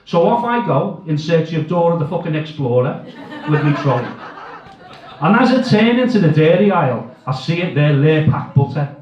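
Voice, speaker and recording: Man, stand-up comic, crude and swearing, slightly high voice, echoey, far off, muffled. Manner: crude, swearing, self-mocking. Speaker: stand-up comedian. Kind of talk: stand-up comedy set. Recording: echoey, distant, dull live sound.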